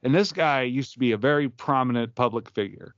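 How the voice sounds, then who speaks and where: Male comedian co-host, rambling storyteller, mid-pitched, dry and muffled podcast sound. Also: a little fast, no room sound. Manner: rambling anecdotes with restarts and acted-out quotes. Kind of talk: casual podcast banter.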